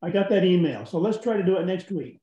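A man chairs a small town board meeting, easygoing as he calls the votes. His voice is a little high yet mellow and soft-edged. The sound is dull and echoes around the room. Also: expressive, fast. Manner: easygoing, runs votes plainly. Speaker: selectboard chair. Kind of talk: casual meeting talk. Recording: dull, roomy meeting recording.

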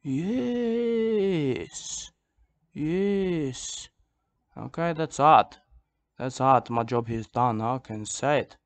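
A man's voice: medium pitch, unhurried, a bit bright, clean tone, no room sound. An older man, repeating himself in a boastful, mock-serious comedic monologue. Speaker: comedic vlogger.

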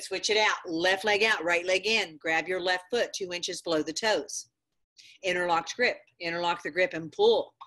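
A woman's voice: medium pitch, sharp tone. A middle-aged woman teaching a live yoga class, giving firm step-by-step cues and encouraging students by name. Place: yoga studio.

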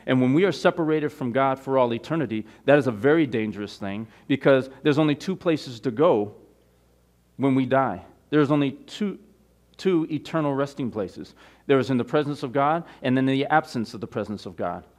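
A male pastor preaching a sermon, opening with a quiet prayer and then building to emphatic, drawn-out declarations. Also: lively intonation. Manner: preaching with rising emphasis, stretching key words; opens in a quiet, low prayer.

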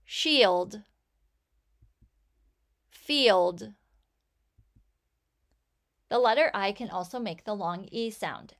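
A woman teaching a phonics lesson for children, reading words out one at a time and praising the listener. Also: mid-range voice. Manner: slow, clear, encouraging word-by-word reading.

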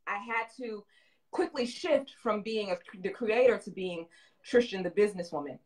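A young adult woman from the South, telling her story as a guest in a casual interview, animated and quick to laugh. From American South. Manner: animated storyteller, acts out quotes with big jumps up in pitch, frequent laughs. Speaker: guest, fashion designer and brand owner.

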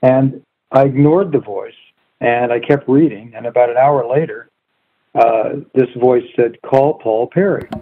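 A man with a husky voice tells a personal story at a steady pace, with filler words between his phrases. He comes through a thin, phone-like line. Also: medium pitch, unhurried. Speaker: guest coauthor. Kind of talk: storytelling in an interview.

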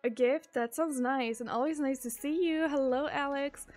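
A woman chats casually on a live stream, reading out viewer messages and answering them one by one. Faint music plays softly behind her. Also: sits high, moderate pace.

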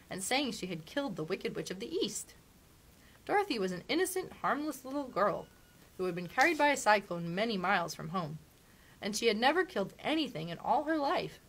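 A woman librarian reading a storybook aloud for children. Her delivery is animated and sweeps widely up and down, with gasps for the dramatic moments. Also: medium pitch, low-quality recording.

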